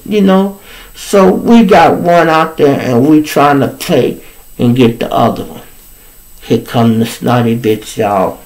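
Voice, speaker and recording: Man, chicago accent, storytelling host, animated, cusses a lot, mid-pitched voice. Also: measured pace, rough recording. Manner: animated, profane, acts out quoted voices. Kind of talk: casual storytelling to viewers.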